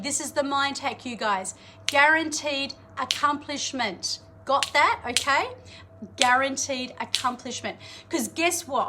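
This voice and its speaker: Energetic, chatty female life coach. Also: a little high, slight background noise. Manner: chatty and energetic, greets viewers, laughs often, uses slang like "you suck". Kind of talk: live-streamed motivational talk.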